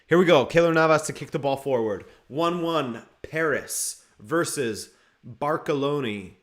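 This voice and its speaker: A man's voice: a little high, lively intonation, measured pace. A man hosting a live football watchalong, giving casual, joking commentary and reading viewer comments aloud. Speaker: watchalong host.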